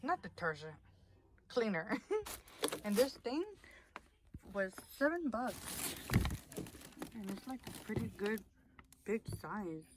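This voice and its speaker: Rambling through fillers and restarts and a little out of breath, a woman vlogger chats casually to camera about a haul. Her voice is medium-pitched, with background noise.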